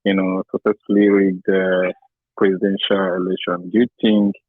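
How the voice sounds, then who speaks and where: Deep-voiced male caller on a tinny phone. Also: normal speed, no echo. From Canada resident. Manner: relaxed, friendly, chatty with many "you know". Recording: tinny phone line, dry.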